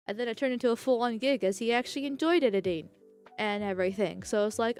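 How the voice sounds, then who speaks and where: A woman's voice: fairly high pitch, quick pace, darkish tone, clear, resonant tone, faint music behind. A woman streamer chatting casually, rambling through tangents and laughing often while thanking viewers. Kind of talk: casual live-stream chat.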